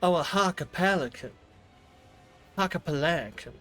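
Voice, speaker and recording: A man's voice: a little high, expressive, moderate pace, sharp tone, faint music behind. A man putting on an exaggerated silly accent for a repeated phrase during a game stream. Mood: hammy. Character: man drawling in an overdone put-on accent.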